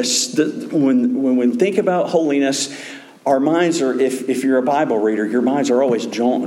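A man pastor delivers a sermon in a loose, conversational way, often stopping and restarting his sentences as he works through scripture. His voice sits at an ordinary middle pitch and carries a roomy echo from the space around him. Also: darkish tone. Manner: conversational preaching with many restarts.

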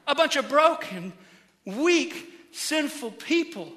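A middle-aged man preaches in a church with a very high, bright, forceful voice. He is animated, dropping to quiet, slow emphasis and then rising into loud, excited bursts. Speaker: pastor. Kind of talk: sermon. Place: church auditorium.

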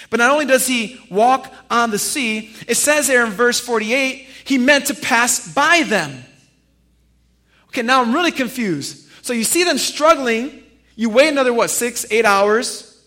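A man preaching a sermon as pastor, animated and firing rhetorical questions at his congregation. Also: extremely high pitch, measured pace. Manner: addresses listeners familiarly.

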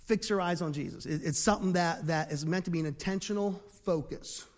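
A high-pitched man in his fifties preaches, and his voice rings with long reverb through a church sanctuary. He swings between hushed, almost whispered lines and loud, animated bursts. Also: brisk. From Philadelphia, USA. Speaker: pastor. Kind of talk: sermon. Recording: long reverb of a large hall.

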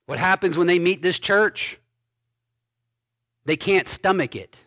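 Slow, bright-voiced preaching man. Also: sits high, no room sound, clean studio sound. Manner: slow, emphatic preaching with repeated phrases. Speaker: pastor. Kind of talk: sermon.

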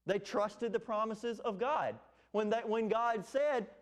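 A man's voice: high voice, takes it slowly. A man preaching an expository sermon, earnest and emphatic, with fillers and restarts. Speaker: pastor.

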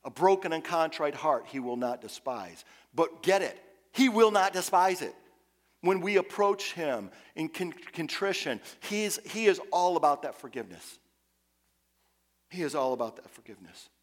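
A man preaching a sermon as pastor, impassioned, swinging from hushed, quiet passages to loud, urgent ones. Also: on the high side, animated, moderate pace.

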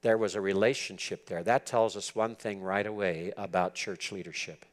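A man's voice: fairly low pitch, steady tone, normal speed. Earnest man preaching an emphatic sermon. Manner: earnest, emphatic, repeats words for stress. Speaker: preacher teaching church leaders. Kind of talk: expository sermon.

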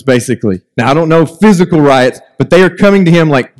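A man preaching a sermon as a pastor, animated, with joking asides and mock voices of complainers. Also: a little high, fast, few pauses. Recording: long hall reverb.

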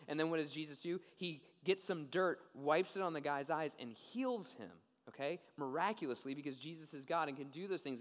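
A young man preaching a sermon, telling a story in a casual, animated way and often checking in with "okay?". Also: on the high side. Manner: animated storytelling, acts out quoted voices. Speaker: pastor. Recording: long reverb of a large hall.

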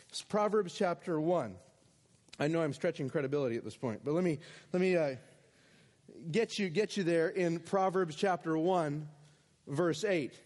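A male pastor preaching a sermon, animated, acting out imagined speakers and slowing down to read scripture. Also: sits high, big-room sound.

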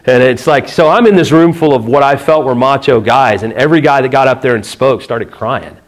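A middle-aged man preaching a sermon as a pastor, telling a personal story with earnest pauses and restarts, then dropping soft and low for tender points.

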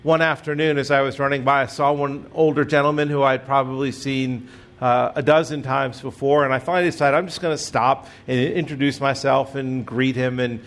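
A middle-aged pastor preaches a sermon in a fairly bright, mid-range voice, speaking fairly quickly with fairly even intonation. He tells stories conversationally and pokes fun at himself.

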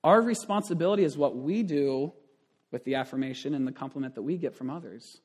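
A man's voice: medium pitch, brisk, a little mellow. A man in his thirties, a pastor giving a conversational sermon with frequent asides and restarts.

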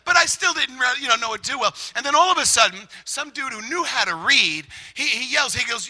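A middle-aged man preaching a lively testimony sermon, shouting and animated, acting out quotes as he tells the story. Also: very high voice, quick pace, few pauses, rough recording.

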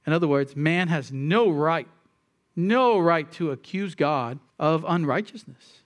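A man's voice: a little high, expressive, a little slow. A man preaching a sermon with emphatic delivery and rhetorical questions. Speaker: pastor.

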